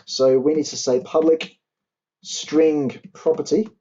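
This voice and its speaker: The young tutor walks his programming class through code line by line as he types it, slowing to spell out syntax. His voice sits on the high side yet sounds mellow and dark, with fairly even intonation. It's a dull, lo-fi recording, keyboard typing and clicking audible throughout.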